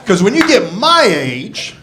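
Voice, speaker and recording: A man's voice: high-pitched, huge pitch swings, a little slow, heavy background noise. A man in his sixties doing a crude, self-mocking stand-up set on a club stage, swearing freely into a handheld mic. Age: 60s. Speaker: stand-up comedian. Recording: live club audio with crowd laughter. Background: audience laughing.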